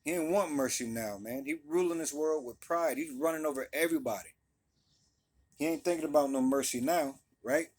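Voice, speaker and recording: A man's voice: on the high side, brisk. A man leading a casual Bible study, reading scripture aloud and then explaining it in loose, conversational talk, often checking in with his listeners. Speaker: Bible teacher.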